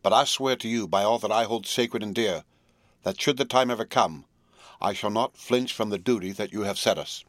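A man reading the part of a rough, honest frontiersman, swearing an oath solemnly and earnestly. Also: lowish voice, normal speed, fairly bright tone, dry recording, clean studio sound, lightly acted. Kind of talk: audiobook character reading.

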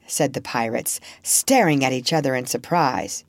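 A woman narrator reading a storybook aloud in a measured, expressive way. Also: a bass voice, dry recording.

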